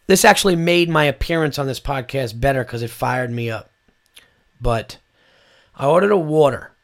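A man hosting his own podcast, ranting in a loose comedic monologue with speech, lots of swearing and acted-out quotes. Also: medium pitch. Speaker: podcast host.

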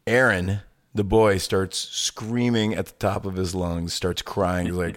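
Brief: low-pitched male podcast co-host, lively storyteller, quick with a joke. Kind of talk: casual chat.

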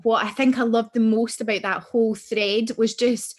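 A woman's voice: on the high side, fairly even intonation, moderate pace. A Scottish woman co-hosting a podcast, chatting casually, emotional and swearing freely. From Scotland. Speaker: podcast co-host. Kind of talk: casual chat.

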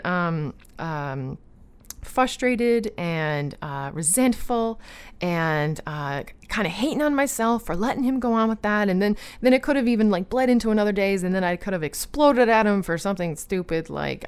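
A woman talking casually about her own life, earnest, with lots of fillers and restarts, growing animated when she retells disagreements. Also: medium pitch, normal speed, clean tone. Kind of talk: personal storytelling chat.

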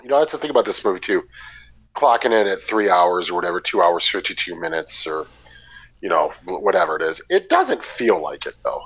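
A man's voice: sits low, big pitch swings, fairly quick, fairly bright tone, breathy edge, rough recording. A man co-hosting a casual film podcast, laid-back and enthusiastic, with casual swearing. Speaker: podcast co-host.

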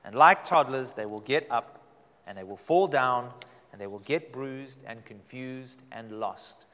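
A man's voice: medium pitch, a bit bright. Man preaching in a reverberant hall. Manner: dramatic emphatic preaching, drawn-out repeated phrases. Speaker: pastor. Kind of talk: sermon.

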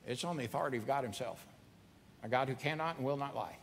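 Earnest preacher in a reverberant hall. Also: male voice, mid-range voice, fast talker, creaky, a little hiss or hum. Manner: earnest, conversational preaching with repetition. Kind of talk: sermon.

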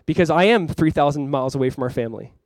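Young guy pastor preaching, earnest chatty style, kinda high voice, dry close sound. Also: lively intonation, rapid-fire, no room sound. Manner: earnest, conversational, with frequent fillers. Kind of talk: sermon.

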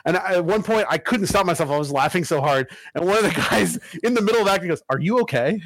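A man's voice: sits high, animated, fast talker, a bit bright, no echo. A man co-hosting a podcast, telling a story in casual chat and laughing and swearing freely as he goes. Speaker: podcast co-host.

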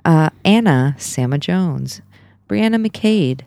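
A woman's voice: low voice, expressive, slow pace, vocal fry, a little mellow, no echo. A young woman co-hosting a casual podcast, playful and teasing, often laughing. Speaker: podcast co-host. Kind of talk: casual chat.

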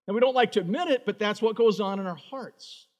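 A man's voice: high voice, a little fast. A man preaching a sermon as pastor, emphatic, acting out quoted prayers in his own voice. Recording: reverberant hall.

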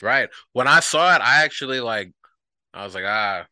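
A man co-hosting a podcast in casual chat, telling stories in an animated way and acting out quotes. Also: medium pitch, moderate pace, no room sound. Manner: animated storyteller, acts out quotes. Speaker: podcast co-host.

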